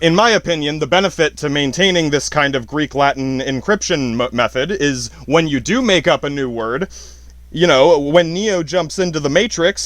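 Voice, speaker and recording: A man's voice: sits high, no room sound. A man hosting a podcast, talking in a rambling, profane monologue and laughing often between his points. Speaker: podcast host. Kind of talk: casual monologue.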